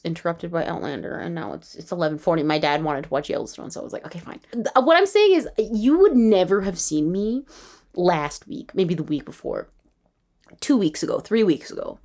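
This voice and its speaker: A woman's voice: fairly low pitch, gravelly, darkish tone. Tired, chatty young Canadian woman. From Toronto, Canada. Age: 20s. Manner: chatty and self-mocking, often drops to a whisper. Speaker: writer and vlogger. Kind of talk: casual late-night vlog chat.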